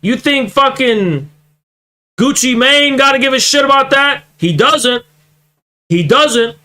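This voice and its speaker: Young streamer guy ranting and cussing, high sharp voice, mocking everything. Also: animated, slow. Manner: mocking, swearing, growing heated. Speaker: political streamer reacting to clips. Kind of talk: profane reaction commentary.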